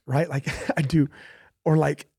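A man's voice: on the high side, steady tone, slow, creaky, a little mellow, breathy edge, no echo, clean studio sound. A young man, a pastor, talking casually about faith, telling stories animatedly with laughs and repetition.

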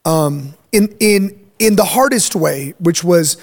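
A man's voice: high voice, slow. A man hosting a faith podcast as pastor, talking in an emphatic, preachy way and checking in with "right?" as he explains. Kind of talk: casual chat.

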